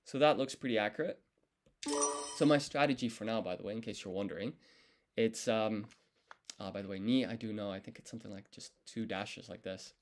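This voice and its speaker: Low-voiced man thinking aloud while studying. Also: a little fast, a little hiss or hum. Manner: thinking aloud, self-correcting, relaxed. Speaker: language learner streaming his study. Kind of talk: casual live-stream study session.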